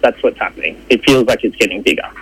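Husky rambling comedy co-host man. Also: lowish voice, a bit bright, poor audio. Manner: rambling, musing, halting. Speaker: podcast co-host. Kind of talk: comedic banter.

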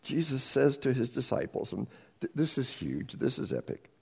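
Animated man preaching a sermon. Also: medium pitch, normal speed, gravelly, slightly rough, big-room sound. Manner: animated, acts out dialogue, swings between loud and hushed. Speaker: pastor.

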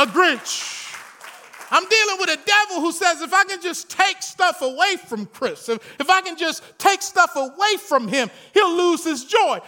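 A high-pitched male pastor, preaching in a lively, storytelling way. His tone is piercingly bright and his pitch swings widely as he builds from chatty humor to shouted praise. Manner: animated preaching, rising to shouts. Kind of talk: sermon.

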